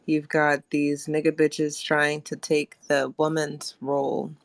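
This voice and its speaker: A woman hosting a live audio chat discussion, speaking in a measured, steady way. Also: sits low, no room sound. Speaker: host.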